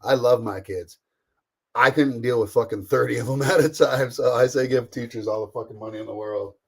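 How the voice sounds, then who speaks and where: A middle-aged man from Canada, slightly rough with vocal fry, speaks fairly quickly in a mid-range voice while cooking and reading his stream's chat. He's casual with viewers, greeting them by name and swearing liberally.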